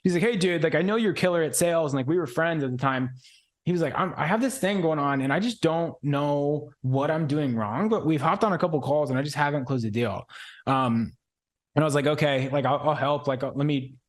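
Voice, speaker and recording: A man's voice: fairly high pitch, brisk. A man in his twenties, a podcast guest telling a story in loose, slangy casual chat full of "like" and "bro". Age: 20s.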